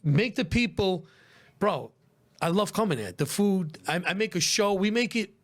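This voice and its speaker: A man's voice: high-pitched, lively intonation, normal speed. A middle-aged man with a Brooklyn accent, a pizzeria owner chatting casually in a brash, streetwise way and swearing freely. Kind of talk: casual chat.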